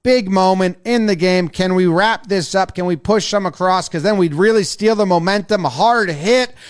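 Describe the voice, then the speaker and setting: A man giving a casual, excitable, profane breakdown of a baseball game, acting out what the players say. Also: high voice, moderate pace, smooth. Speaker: sports video commentator.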